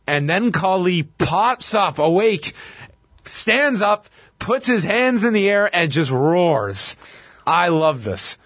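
A man co-hosting a casual chat show, recapping wrestling matches play by play in an animated way. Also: high voice, slow, no echo, clean studio sound. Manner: lively, animated storytelling. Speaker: podcast co-host recapping wrestling.

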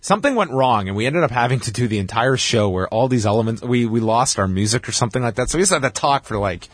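A man in his thirties co-hosting a podcast, chatting in an animated, nostalgic way. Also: mid-range voice, quick pace, dry recording, clean studio sound. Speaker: podcast co-host. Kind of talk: casual chat.

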